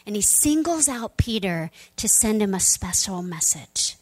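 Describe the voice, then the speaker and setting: A woman pastor preaching a sermon, telling the story with animated delivery and dropping into soft, near-whispered moments. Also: mid-range voice, unhurried, hardly any pauses, no room sound.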